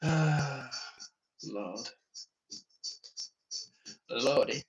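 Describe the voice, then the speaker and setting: A man's voice: mid-range voice, very slow, dull audio, a little hiss or hum. A tired, yawning man hosting a live stream, reading chat comments aloud, chatting casually and laughing often. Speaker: livestream host.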